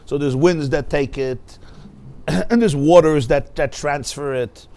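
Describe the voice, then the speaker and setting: A man's voice: a little high, slow pace, dark tone. A rabbi teaching a Torah class, asking rhetorical questions and mixing Hebrew and Yiddish terms into his English.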